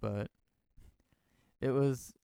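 Emotional young man with a gravelly voice. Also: mid-range voice, steady tone, extremely slow, mellow, dry recording, studio quality. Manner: emotional, rambling, slangy with many restarts. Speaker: podcast host. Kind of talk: casual personal storytelling.

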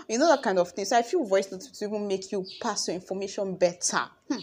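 A young woman with a Nigerian accent, talking casually to her followers in a chatty, expressive way. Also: medium pitch, quick pace, few pauses, breathy edge. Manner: chatty and expressive, acts out conversations. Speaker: vlogger.

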